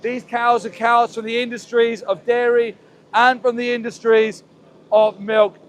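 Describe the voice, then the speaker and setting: A man's voice: very high-pitched, little pitch movement, a little slow, a bit bright. A man hosting an activist livestream outdoors, speaking in an impassioned, pleading, repetitive way into a handheld phone. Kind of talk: impassioned live street commentary. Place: outdoors near a slaughterhouse.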